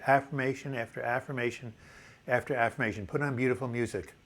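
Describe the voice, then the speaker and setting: A man's voice: medium pitch, fairly even intonation, fast talker. A man of seventy hosting a casual live video chat, reading viewer comments aloud and answering them in a chatty, enthusiastic way, often restarting words. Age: 70s.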